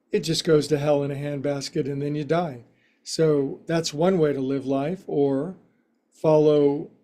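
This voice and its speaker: Male yoga instructor, warm mellow tone, slightly higher voice, joking folksy delivery. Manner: playful, folksy quips between slow cues. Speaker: yoga teacher. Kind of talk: guided yoga class instruction.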